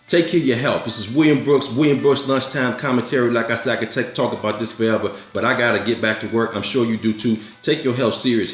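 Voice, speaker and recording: A man's voice: mid-range voice, fairly bright tone. Blunt, preachy man in an echoey room. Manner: blunt, preachy, repeats his urgings. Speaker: commentary host. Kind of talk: motivational monologue. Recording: echoey room with faint music.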